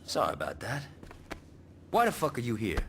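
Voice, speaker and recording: A man's voice: medium pitch, wildly swooping pitch, moderate pace, creaky, a bit bright, heavily acted. A man voicing a cocky, foul-mouthed gang lieutenant in a video game. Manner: swaggering, profane. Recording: game audio with noise.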